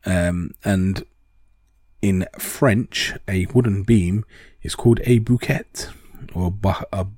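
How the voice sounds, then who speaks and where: Man, casual talk, low voice, rambling with fillers, dry close sound. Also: takes it slowly, darkish tone, dry recording. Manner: rambling, with many ums and restarts.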